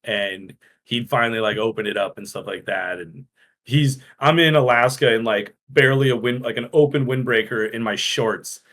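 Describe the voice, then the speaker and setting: A man's voice: mid-range voice, normal speed, a bit bright. A man co-hosting a casual podcast, a bubbly storyteller who acts out what others said. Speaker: podcast co-host.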